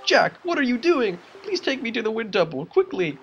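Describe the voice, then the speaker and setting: A man voicing a tiny, shy male forest creature who speaks in a gentle, earnest, pleading way. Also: very high voice, sing-song, normal speed, lo-fi sound, a little hiss or hum, voice pushed up, full character voice.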